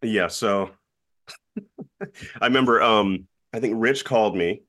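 A man telling stories in a casual chat, acting out the voices of the people he quotes. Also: a little slow. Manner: animated, acts out quotes in high voices. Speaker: voice actor guest.

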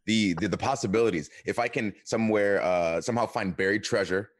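A man's voice: on the low side, a little fast. A man from Atlanta, a guest on a podcast, chatting casually in a playful, theatrical way and hamming up mock outrage. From Atlanta, USA.

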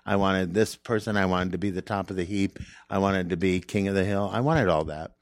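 A stand-up comedian being interviewed, talking in an earnest, reflective, rambling way. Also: male voice, deep voice, brisk, no room sound, studio quality. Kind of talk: candid interview conversation.

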